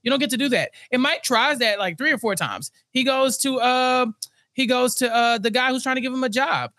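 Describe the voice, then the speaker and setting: Male podcast co-host, dry close sound, lively chatty delivery with acted-out quotes. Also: very high voice, no echo. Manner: animated, acts out characters' lines in quick bursts. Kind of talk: casual recap chat.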